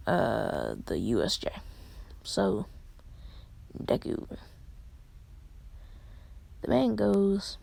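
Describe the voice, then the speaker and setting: A woman's voice: medium pitch, sing-song, extremely slow, vocal fry, pauses often, darkish tone, husky. A woman retelling a fan story in a whispered role-play, with casual fillers and quoted lines.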